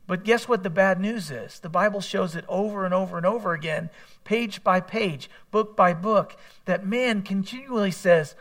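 A pastor with a high-pitched, fairly bright voice preaches a sermon at a moderate pace. His delivery is conversational, weaving scripture together with candid personal asides.

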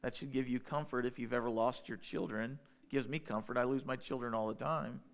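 A man preaching a sermon in a relaxed conversational way, slowing down when he reads scripture. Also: medium pitch, creaky. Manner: conversational, slows down to read scripture. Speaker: pastor.

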